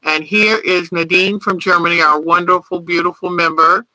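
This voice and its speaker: A woman's voice: on the low side, steady tone, moderate pace, pushed and bright, no room sound, poor audio. A middle-aged woman hosting a quilting livestream, gushing with praise as she shows viewers' work. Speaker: quilting show host. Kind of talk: livestream show-and-tell commentary.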